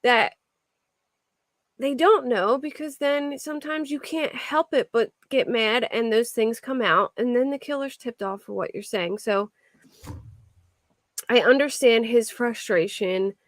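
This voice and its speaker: A woman with a slightly high voice takes her time as she hosts a true crime livestream, chatting casually and reacting to viewer comments. She rambles, restarts often and fills gaps with filler words. The recording is dry and studio quality.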